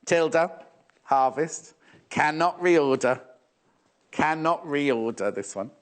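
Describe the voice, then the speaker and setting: A man's voice: a little high, lively intonation, takes it slowly. A man presenting fabrics live on a shopping channel, chatty and teasing, often repeating prices and stock levels.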